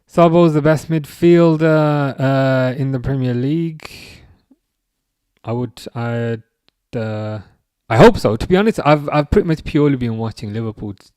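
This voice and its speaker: Man, football streamer, casual chat, mid pitch, dry close mic, rambling. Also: normal speed, darkish tone, clear, resonant tone, dry recording. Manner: chatty, reads out and answers viewer comments; loose and rambling, with frequent restarts. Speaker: football watch-along streamer.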